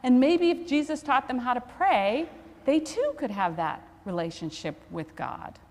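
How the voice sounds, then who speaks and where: Her voice is high-pitched and very animated yet a little slow, with a darkish tone. She's an Episcopal priest delivering a sermon in church, telling a story in a conversational, self-deprecating way, heard through long church reverb.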